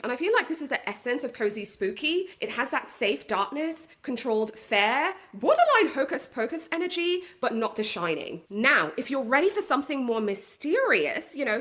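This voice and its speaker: Animated woman talking poetry. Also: a little high. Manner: expressive, conversational, leaning on "you know" and "I feel". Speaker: book video host. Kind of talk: literary commentary with poetry readings.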